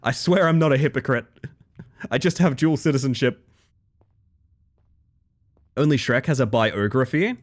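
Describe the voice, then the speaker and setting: This young man speaks at a moderate pace with a medium pitch, leaving long pauses. On his game stream he banters playfully with viewers, makes fun of himself, and laughs often in easygoing chat.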